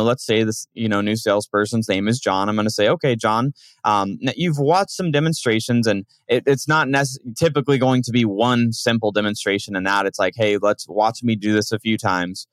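A man's voice: fairly low pitch, no echo. A man, a business owner, explaining delegation in a casual conversational way, with frequent fillers and restarts. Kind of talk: casual teaching monologue.

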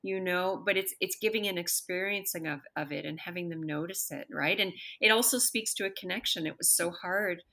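Female podcast host, low-pitched yet bright, reflective and affirming. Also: a little fast, hardly any pauses. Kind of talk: conversational interview.

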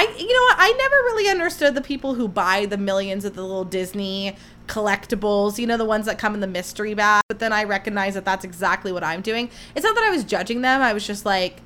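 A woman's voice: mid-range voice, sharp tone, slight background noise. A young woman hosting a casual solo podcast, telling chatty, gushing stories and acting out what people said. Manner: chatty, gushing storyteller who acts out quotes. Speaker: podcast host.

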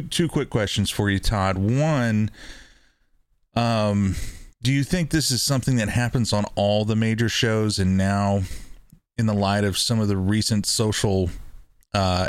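Low-voiced rambling man on a podcast. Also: smooth, no echo. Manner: rambling, self-correcting, laughs at himself. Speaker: podcast co-host. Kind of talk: casual podcast chat, reading articles aloud.

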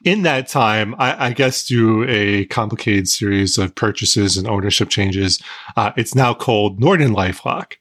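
A man's voice: on the low side, moderate pace, a bit bright. A man who is a guest on a podcast, telling stories in casual chat and laughing often. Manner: laughs often, chatty storytelling.

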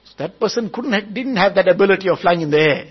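A man's voice: sits high, lively intonation, quick pace, husky, dull audio. A man preaching at a wedding gathering, telling a story and repeating each point several times. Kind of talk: storytelling sermon.

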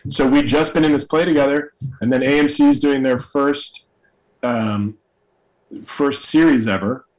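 A middle-aged actor from New York City tells stories from his career with relish, acting out the people he quotes. His voice sits at an ordinary middle pitch, and his delivery is loose and conversational. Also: unhurried, low-quality recording. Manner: animated storyteller, acts out quoted voices. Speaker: actor and guest. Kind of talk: storytelling in conversation.

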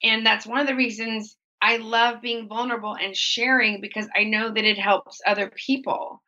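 Female interview guest with a fairly high, bright voice. She speaks candidly and reflectively and acts out her own thoughts. Dull lo-fi audio. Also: steady tone, normal speed.

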